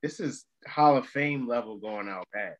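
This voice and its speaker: A man's voice: mid-range voice, moderate pace. A man co-hosting a casual chat, chiming in with short reactions. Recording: dull lo-fi audio.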